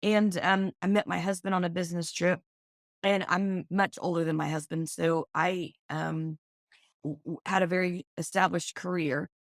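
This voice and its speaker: Middle-aged oklahoma lady, low gravelly voice, chatty storyteller, dry sound. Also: moderate pace, dry recording. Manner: lively storyteller, animated in quoted speech. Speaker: guest, business owner. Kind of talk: casual interview chat.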